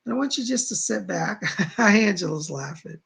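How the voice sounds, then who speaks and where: A man's voice: sits high, lively intonation, moderate pace, creaky, fairly bright tone, husky. A middle-aged man hosting a psychic live stream from home, chatting casually and reading out viewer comments. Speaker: psychic livestream host.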